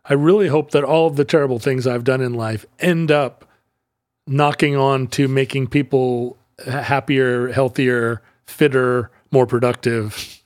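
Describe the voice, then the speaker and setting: A man's voice: mid-range voice, steady tone, a little slow, no room sound, studio quality. A man co-hosting a podcast in casual, jokey chat, laughing often. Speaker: podcast co-host.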